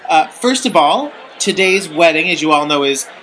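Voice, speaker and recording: A man's voice: on the high side, animated, moderate pace, a bit bright, slight background noise, poor audio. A man co-hosting a comedic mock talk show and speaking hesitantly, with lots of fillers. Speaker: co-host.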